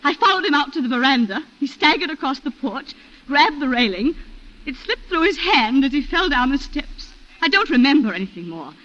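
A genteel wife in a vintage radio play, her voice high, bright and swinging widely as she tells her story with refined, breathless emotion. The broadcast sounds dull and lo-fi. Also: big pitch swings, fairly quick. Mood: distraught. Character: genteel planter's wife confessing a shooting. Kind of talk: 1940s radio acting.

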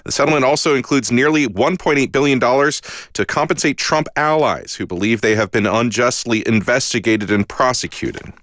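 A man reading a radio newscast in a measured, even delivery. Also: medium pitch, dry recording. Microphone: studio microphone. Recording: dry studio sound.

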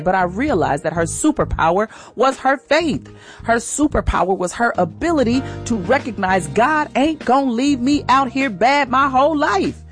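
A woman hosting a morning radio show, giving an earnest, encouraging inspirational talk straight to her listeners. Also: lowish voice.

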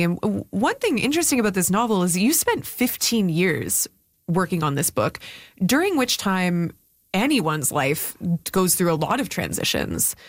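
A woman with a lowish voice asks questions as an interviewer, measured and curious in a relaxed, conversational tone. Her voice sits close and dry. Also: no echo.

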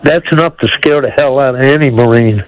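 A man's voice: mid-range voice, a little fast, dull audio. A man, calling into a talk radio show, blunt and rambling, chuckling as he talks. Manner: blunt, rambling, laughs between words. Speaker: caller.

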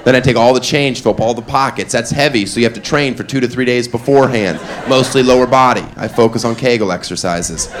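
A man's voice: medium pitch, fast talker, hardly any pauses, slight background noise. A male stand-up comedian performs a provocative, self-mocking routine in an ordinary mid-range voice. He needles the audience and makes fun of himself. The club crowd laughs and murmurs all around him. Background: audience laughter and chatter.

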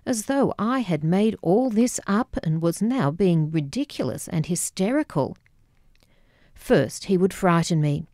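A woman narrating her own memoir as an audiobook, measured and wry. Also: fairly low pitch, expressive, dark tone, no echo, clean studio sound.

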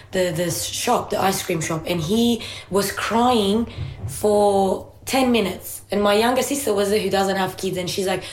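A woman in casual podcast chat, telling a parenting story at length and second-guessing herself as she goes. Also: mid-range voice. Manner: chatty, self-questioning storyteller. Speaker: parent sharing experience. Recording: roomy echo.

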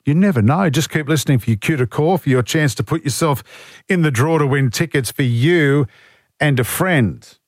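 A male talkback host chats loosely from a radio studio, teasing himself and tossing off jokes as he reads out listener texts. His voice sits a little high, and the sound is close and dry, with no room echo. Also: animated, normal speed. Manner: joking, self-mocking, reads listener texts aloud. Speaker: radio talk show host. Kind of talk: casual talkback radio chat.

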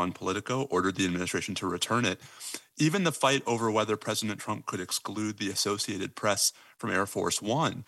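Gravelly bright-toned male legal analyst. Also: fairly low pitch, dry recording. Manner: measured, explanatory. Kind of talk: radio news interview.

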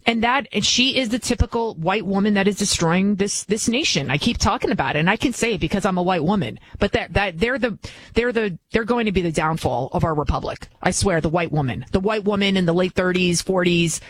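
A woman's voice: medium pitch, brisk. A middle-aged woman from the New York area, filling in as a talk radio host and delivering a blunt, emphatic, mocking opinion monologue.

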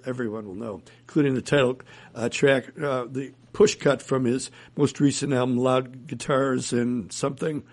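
A musician appearing as an interview guest, a man with a gravelly, medium-pitched voice, tells rambling anecdotes in a casual storytelling manner and chuckles often.

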